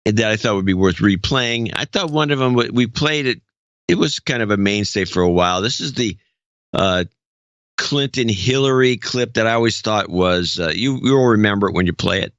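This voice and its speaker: A man co-hosting a podcast in casual chat, rambling and halting as he talks. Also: on the low side, a bit bright. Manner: rambling, halting, with many restarts. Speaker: podcast co-host. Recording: dull, dry podcast audio.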